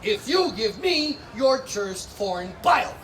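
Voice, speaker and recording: A man voicing an ugly old witch in a comic fairy tale told to a live crowd, yelling her bargain. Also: a little high, big pitch swings, measured pace, distant mic, slight background noise.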